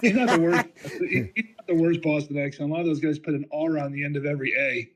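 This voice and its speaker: A man adds quick, chatty remarks on a live trading stream. He talks fast, in a voice that sits a bit high.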